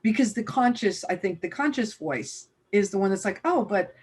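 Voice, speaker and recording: A woman's voice: medium pitch, expressive, moderate pace, a little mellow, breathy edge. A woman hosting an interview, affirming her guest and asking follow-up questions in a casual, conversational way. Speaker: host.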